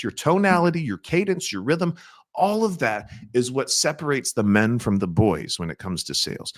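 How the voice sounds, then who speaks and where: A middle-aged man with a medium-pitched voice leads a sales training, asking his audience questions and acting out soft-spoken sales lines.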